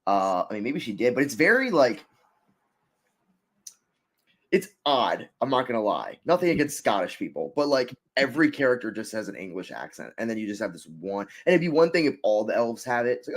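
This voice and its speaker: A man's voice: medium pitch, sing-song, a little fast. A man co-hosting a casual review chat, rambling with many fillers and restarts. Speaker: co-host reviewing an episode.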